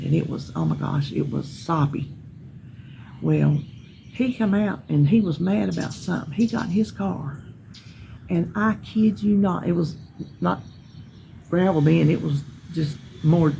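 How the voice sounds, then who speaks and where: A woman telling a story about her neighbors outdoors in a folksy, emphatic, animated way. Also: low-pitched, vocal fry, a little hiss or hum, low-quality recording. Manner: folksy, emphatic, animated retelling with hollered quotes. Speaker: vlogger. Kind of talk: casual storytelling.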